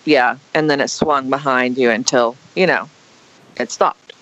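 A woman telling a personal story in a casual, animated and dramatic way. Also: a bass voice, unhurried, poor audio. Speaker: guest storyteller.

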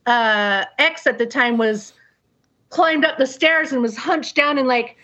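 In a high, unhurried voice, a middle-aged woman casually tells a group a personal story. She is animated, acting out sounds and quoting people, and she swears freely. The audio is dull and lo-fi.

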